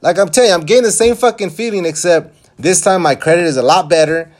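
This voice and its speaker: A man's voice: sits high, fast talker. A young man venting in a rambling, frustrated way, swearing often as he tells his story. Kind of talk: casual vlog rant.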